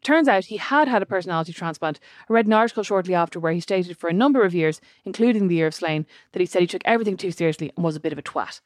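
A woman's voice: lowish voice, animated, rapid-fire, few pauses, no echo, clean studio sound. An Irish woman co-hosting a podcast, chatting casually and reading out listener messages with a wry tone. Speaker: podcast co-host. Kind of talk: casual chat.

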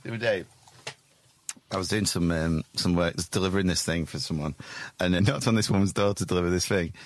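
A man's voice: low voice, a little fast, slight background noise. A man co-hosting a podcast, telling sweary anecdotes in casual banter and laughing often. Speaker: podcast co-host.

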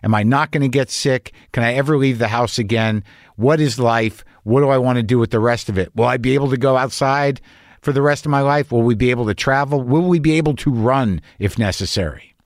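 An older podcast host rambles through a neurotic, profane comedy monologue mixed with casual conversation. His mid-range voice moves a little fast, recorded dry with clean studio sound.

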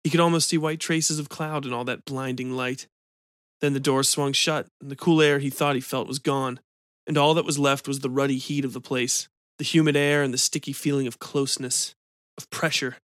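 A man hosting a podcast and reading a short story in an even, measured way. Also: medium pitch, no echo, studio quality. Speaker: podcast host and narrator. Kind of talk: scripted story narration.

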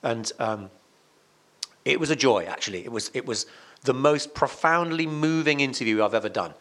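A man who works as a radio presenter and songwriter spins a conversational tale as a podcast guest, emphatic and lively, frequently starting over and saying things twice. He speaks at medium pitch and normal speed.

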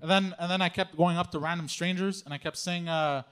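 Man, podcast guest, casual storytelling, rambling, frequent laughs, slightly high voice. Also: steady tone, a little fast, a bit bright, smooth. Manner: rambling, laughing and swearing often.

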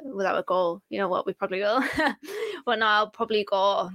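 A woman chats on a podcast, laughing often and sounding a little anxious about the result. Her voice is mid-pitched and recorded dry and close. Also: sing-song, moderate pace, a bit bright, no echo. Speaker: podcast co-host. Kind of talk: casual podcast chat.

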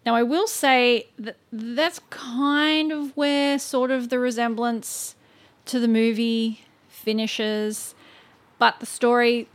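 A woman's voice: fairly high pitch, fairly even intonation, slow. A woman co-hosting a podcast, telling a story in a casual, chatty way full of "like" and "um" and stumbling over names. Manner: chatty, filler-heavy with frequent "like" and "um".

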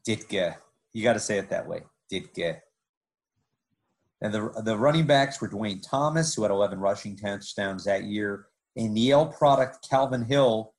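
A man hosting a podcast, narrating sports history in a lively way with joking asides. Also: fairly low pitch, rough recording.

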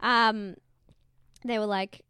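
In a clean studio recording with no echo, a woman speaks slowly in a smooth, mid-range voice. She's co-hosting a podcast and casually recapping a TV show, full of laughter and animated impressions of whoever she's quoting.

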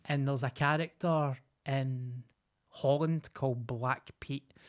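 A man's voice: mid-range voice, slow. A Scottish man co-hosting a podcast, telling stories in casual chat and acting out what people said. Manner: animated, acts out quotes. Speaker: podcast co-host.

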